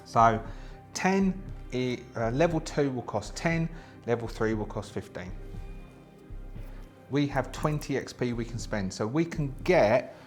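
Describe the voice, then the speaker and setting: A man of ordinary pitch hosts a solo tabletop game and talks it through casually. He reads the rules aloud and weighs his choices as he goes, restarting often. Faint music plays underneath. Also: lively intonation, unhurried. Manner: chatty, thinks aloud with many fillers and restarts.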